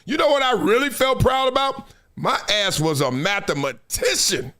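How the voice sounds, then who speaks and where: A middle-aged man hosting a live sports talk show, animated and emphatic, often laughing. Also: high voice, normal speed. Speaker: host.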